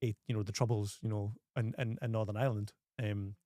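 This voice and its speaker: A man with a Scottish accent hosting a casual film review chat, animated and often restarting his phrases. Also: on the low side, brisk, no room sound, studio quality. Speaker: host.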